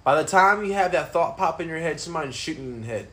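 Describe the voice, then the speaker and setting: A man's voice: a little high, lively intonation, fast, sharp tone. A man hosting a casual podcast in his apartment, talking loosely and rambling with a lot of swearing. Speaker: podcast host. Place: apartment room.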